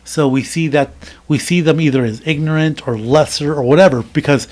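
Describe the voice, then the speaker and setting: A man's voice: fairly high pitch, a little fast, a little mellow. Rambling opinionated American man. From United States. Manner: rambling, opinionated, lots of fillers and restarts. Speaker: podcast co-host. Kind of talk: casual chat.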